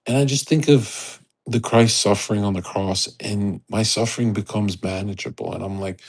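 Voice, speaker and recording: A man's voice: fairly low pitch, steady tone, moderate pace, hardly any pauses. A man giving an intense, rambling motivational monologue in casual chat, often restarting his sentences. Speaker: livestream speaker. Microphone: home microphone on an audio chat space.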